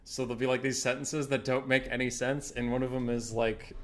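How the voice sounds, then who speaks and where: A man's voice: medium pitch, flat delivery, a little fast. A young man co-casting a game tournament, chatting casually, joking and laughing often. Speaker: co-caster.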